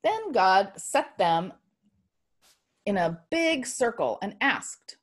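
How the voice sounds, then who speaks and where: A woman reading a story aloud in a measured storytelling manner. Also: mid-range voice, very animated.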